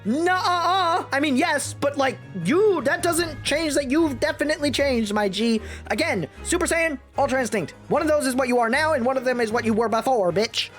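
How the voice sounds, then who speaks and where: A young man streaming a game, chatting loudly and excitably with a lot of swearing. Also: very high-pitched, moderate pace, hardly any pauses, soft background music. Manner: loud, profane, excitable. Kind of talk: casual game commentary.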